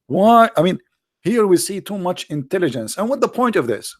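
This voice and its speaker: A man's voice: high voice, very animated, moderate pace, no room sound, studio quality. A man with an Arabic-accented English hosting a livestream, talking in a sarcastic, mocking casual commentary. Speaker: livestream host.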